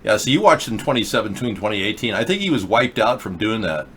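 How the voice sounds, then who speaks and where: A man's voice: fairly low pitch, sing-song, fast, a bit bright, a little hiss or hum. A man hosting a casual livestream chat show, rambling and sarcastic as he scolds chat users. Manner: rambling, sarcastic, mocking chatters. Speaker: political talk show host. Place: in the US Pacific Northwest.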